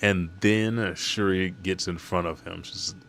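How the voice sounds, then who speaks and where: A man's voice: low-pitched, fairly even intonation, measured pace, vocal fry, fairly bright tone, faint music behind. A man casually recapping a manga chapter, rambling and swearing as he goes.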